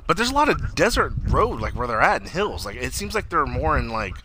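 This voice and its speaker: A man's voice: medium pitch, a little fast. A man casually recapping a TV episode, acting out characters' lines, swearing and laughing as he tells it. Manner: animated storyteller, acts out lines, swears, laughs. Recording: noisy recording.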